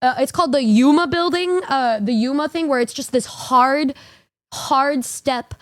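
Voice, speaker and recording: Young woman streamer, high bright voice, animated, profane storytelling for a casual stream. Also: a little slow. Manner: animated, swearing, laughing through the story.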